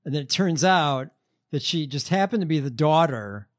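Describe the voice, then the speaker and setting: A man co-hosting a podcast, telling stories in a relaxed, sarcastic way with lots of fillers. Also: fairly high pitch, moderate pace. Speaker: podcast co-host. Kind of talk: casual chat.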